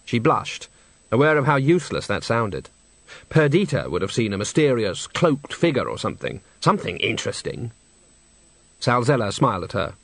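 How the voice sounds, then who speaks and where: A man's voice: mid-range voice, moderate pace, no room sound. A man reading an audiobook, narrating expressively and wryly. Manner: expressive, wry storytelling. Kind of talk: audiobook reading with character voices.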